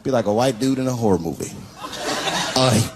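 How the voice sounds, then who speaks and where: A man's voice: mid-range voice, expressive, racing, very noisy. A man doing a stand-up set in a club, telling stories animatedly and acting out characters with big swings in his voice. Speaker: stand-up comedian. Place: comedy club stage. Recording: live club set with loud crowd laughter.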